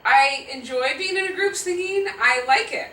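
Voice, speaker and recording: A woman in her fifties, a guest speaker answering audience questions, telling stories in an animated, laughing, self-deprecating way. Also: sits high, moderate pace. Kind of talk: live audience Q&A storytelling. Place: auditorium with audience. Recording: roomy hall sound from a distant mic.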